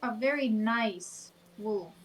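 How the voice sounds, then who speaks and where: A woman playing a tabletop game, chatting casually in a lively manner. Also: a little high, slow pace. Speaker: player.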